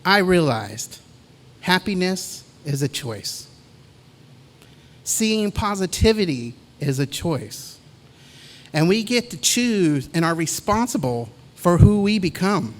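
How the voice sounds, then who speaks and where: A middle-aged man giving a commencement speech in a measured, deliberate way, with pauses between phrases. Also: sits high, big pitch swings. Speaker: commencement speaker.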